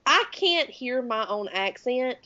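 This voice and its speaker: Woman, Southern US accent, around 30, chatty co-host, higher voice, muffled lo-fi audio. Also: no room sound. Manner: chatty, talks louder and faster when excited. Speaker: podcast co-host. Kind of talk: casual chat.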